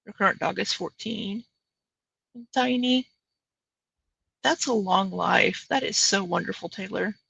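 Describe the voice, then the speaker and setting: Gravelly, husky woman host, slow and sharp. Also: mid-range voice, no echo, poor audio. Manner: mocking, dry sarcasm. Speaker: commentary channel host. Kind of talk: sarcastic reaction commentary.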